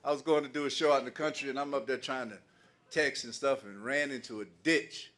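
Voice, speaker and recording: A man's voice: mid-range voice, fairly even intonation, a little fast, a bit bright. An older man doing stand-up comedy, telling folksy stories in a loose way and laughing at his own jokes.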